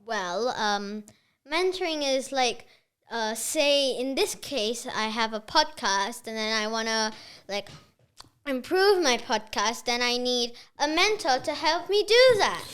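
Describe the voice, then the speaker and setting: A woman's voice: on the high side, expressive, slow pace, fairly bright tone, clear, resonant tone. A young girl being interviewed about her podcast, talking earnestly with many fillers. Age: child. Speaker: podcast guest. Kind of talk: casual interview chat.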